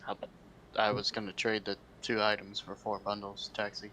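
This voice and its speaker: A man's voice: lowish voice, completely flat delivery, fairly quick, sharp tone, a little hiss or hum. A man playing a tabletop game, chatting casually and hesitantly. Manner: hesitant, with fillers. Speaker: player.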